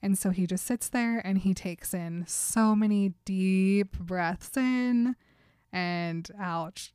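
A woman co-hosting a casual podcast, retelling a book's scenes with frequent laughter and quick put-on character lines. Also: medium pitch, darkish tone, clean tone, no echo, studio quality. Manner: giggly, acts out character lines in quick voices. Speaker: podcast co-host retelling a book. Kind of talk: casual chat, animated retelling.

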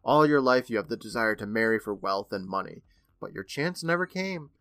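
A man's voice: fairly low pitch, expressive, fairly quick, gravelly, sharp tone, dry recording, clean studio sound. A man in his thirties co-hosting a podcast, eagerly retelling an episode in casual chat and laughing often. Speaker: podcast co-host.

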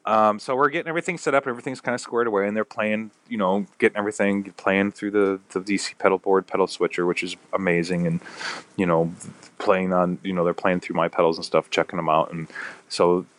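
A man's voice: deep voice, fairly even intonation, brisk, fairly bright tone, dry recording. A man chatting casually as a podcast guest, rambling through a story and acting out what people said. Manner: rambling storyteller who acts out quotes. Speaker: podcast guest, pedal builder.

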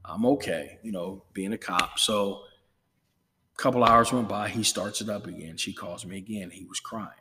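A low-pitched middle-aged man speaks earnestly, sliding from easy chat into a preacher's cadence and doubling back on words. His voice carries a long reverb, as if the room were large and bare. He sounds like a pastor sharing his heart with a podcast host. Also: steady tone, moderate pace, bright, forceful tone. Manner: earnest, emphatic, repeats words when stirred. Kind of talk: casual chat drifting into preaching.

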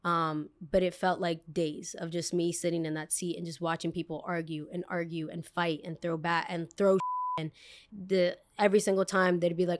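A woman hosting a podcast, telling a story in a rambling, expressive way and swearing casually. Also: on the low side, normal speed. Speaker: podcast host.

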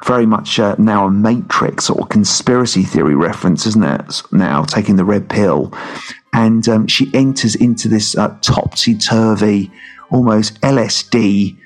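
A man's voice: lowish voice, moderate pace, faint music behind. A man co-hosting a comedy podcast, rambling through a film review with many ums and restarts. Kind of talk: casual comedy chat.

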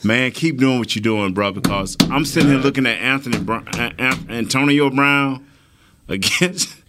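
A man co-hosting a sports talk show who speaks emphatically and gives shout-outs to players. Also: mid-range voice, normal speed, very noisy.

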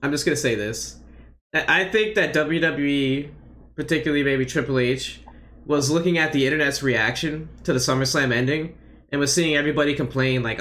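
Young man with a slightly higher voice, co-hosting a casual wrestling talk show. He recaps in a loose, hesitant ramble, piling up fillers as he thinks aloud. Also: brisk, fairly bright tone. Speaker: podcast co-host.

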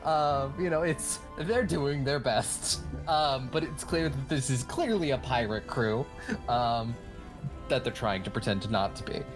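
Game master, mid-pitched, hesitant narration with faint music behind. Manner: halting, many ums and uhs.

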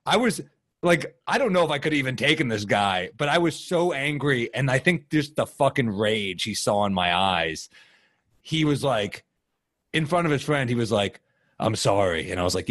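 A man telling profane, animated stories as a guest comedian in casual podcast chat. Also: on the low side. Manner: animated, profane, fast-shifting storyteller.

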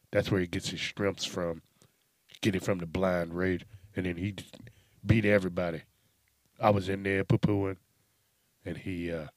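A man doing a slow, dim-witted complainer with a very low voice, rambling and stalling on every few words. It sounds dry and close. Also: no room sound, close to an everyday voice. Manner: mumbling, rambling, halting with many uh's. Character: slow-witted man whom Batman punched. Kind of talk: comedy sketch.

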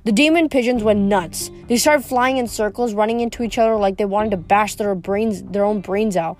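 A woman's voice: mid-range voice, moderate pace, faint music behind. A woman reading a novel aloud in a plain, unpolished way, with small slips and restarts. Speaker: reader.

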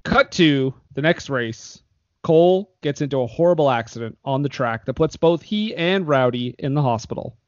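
A man hosting a podcast, recapping a movie in a lively, laughing way and acting out the characters' lines. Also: mid-range voice, normal speed, no echo. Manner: animated, acts out lines, laughs often. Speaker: podcast host recapping a film. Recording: dry, dull lo-fi sound.

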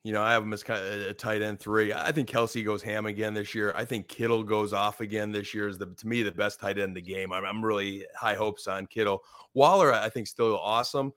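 A man's voice: on the low side, fairly even intonation, a little fast, fairly bright tone, no echo, studio quality. A man co-hosting a casual podcast, talking loosely with plenty of fillers. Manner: loose, chatty, lots of "you know". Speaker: podcast co-host.

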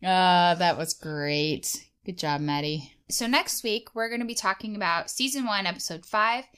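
Woman, podcast co-host, casual chat, smooth clear voice, chatty, "like" fillers. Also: on the low side, moderate pace, fairly bright tone. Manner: chatty, uses many "like" fillers.

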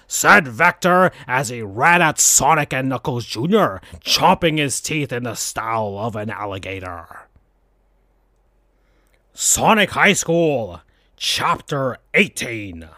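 A man hosting a podcast, reading absurd fan fiction aloud in a slow deadpan. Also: medium pitch, no echo, studio quality. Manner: slow, deadpan, breaks into laughter. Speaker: podcast host.

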